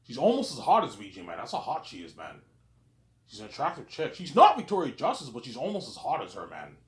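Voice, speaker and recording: A man's voice: mid-range voice, huge pitch swings, fast, roomy sound. Guy rambling on his vlog, repeats himself a lot, voice bouncing all over. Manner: rambling, repeats himself, keeps saying "obviously". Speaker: vlogger. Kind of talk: casual rambling monologue.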